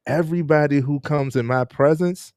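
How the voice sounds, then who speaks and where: A man's voice: a little high, moderate pace, a little mellow, no room sound, clean studio sound. A man hosting a casual live-streamed interview, chatting with viewers and laughing often. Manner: laid-back, laughs often, chats with viewers.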